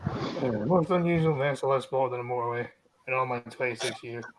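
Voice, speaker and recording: A man's voice: medium pitch, fairly even intonation, fairly quick, poor audio. A man with a Scottish accent, streaming casually and reading news stories aloud, swearing often and stumbling over the words. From Scotland.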